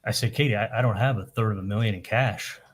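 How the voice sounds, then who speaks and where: A man testifying in court, telling events in a halting way, often repeating words and retelling what was said with "I'm like". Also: lowish voice. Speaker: trial witness testifying.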